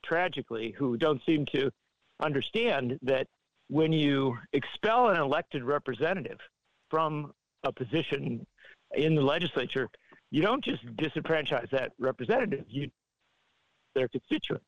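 A man appearing as a political journalist guest, explaining in a deliberate, measured way with pauses. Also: on the high side, lively intonation, no room sound, highs cut off. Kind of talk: measured political commentary on a phone line.

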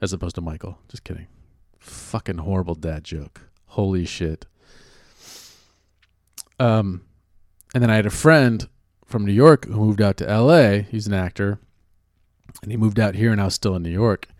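A man's voice: on the low side, normal speed, pauses often, darkish tone, no room sound, clean studio sound. A man from California who works as an actor and writer talks in a casual chat. He is sarcastic and profane, and he rambles with many restarts.

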